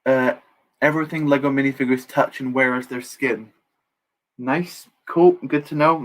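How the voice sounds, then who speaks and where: A man's voice: mid-range voice, fairly even intonation, moderate pace. A young man chatting casually on a live stream while building, reading chat aloud and joking at his own expense. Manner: chatty, reads chat aloud, self-deprecating jokes.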